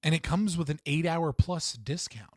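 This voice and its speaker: Young male livestream host, slightly high voice, dead-dry close mic, rambling, sweary, laughs a lot. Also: moderate pace, no echo. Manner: rambling, profane, laughs often, restarts a lot. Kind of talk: casual livestream chat.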